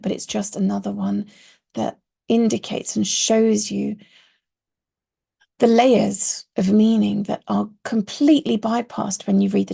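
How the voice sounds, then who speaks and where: A woman's voice: mid-range voice, gravelly, dark tone, slightly rough. A woman teaching Quranic Arabic in an online course, explaining patiently and stressing key words.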